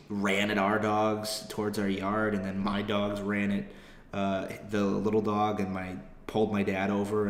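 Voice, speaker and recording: A man's voice: on the low side, a little hiss or hum. A young adult man, a comedian hosting his podcast, tells a story in a rambling, profane, self-deprecating way. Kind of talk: casual comedic podcast monologue. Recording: roomy echo.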